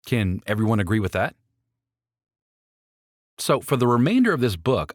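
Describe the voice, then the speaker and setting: A man's voice: on the low side, very animated, moderate pace, long pauses, no echo, studio quality. A man reading his own book aloud as an audiobook, persuasive and speaking straight to the listener. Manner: persuasive, addresses the listener directly. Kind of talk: audiobook narration.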